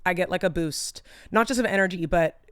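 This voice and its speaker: Very smooth-voiced rambling young woman. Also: on the low side, brisk, fairly bright tone, no room sound, studio quality. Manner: chatty, tangent-prone, loses her train of thought; swears casually, lots of "like" and "um". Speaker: vlogger. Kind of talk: casual rambling chat to camera.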